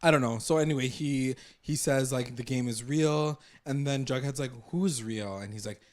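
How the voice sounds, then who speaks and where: A man co-hosting a casual podcast, retelling scenes in animated quoted voices and laughing often. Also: medium pitch, moderate pace. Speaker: podcast co-host. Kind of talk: casual chat.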